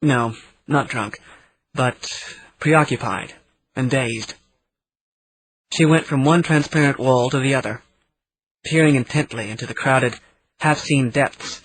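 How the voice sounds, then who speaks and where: A man narrating a novel in the first person at a steady, measured pace. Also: medium pitch, slight background noise, poor audio. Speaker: audiobook narrator.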